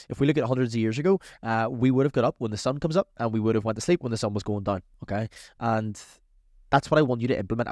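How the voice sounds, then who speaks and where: A man's voice: mid-range voice, no echo. Upbeat motivational man, dry close sound. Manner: energetic, chatty, motivational. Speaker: podcast host and coach. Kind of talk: casual advice podcast.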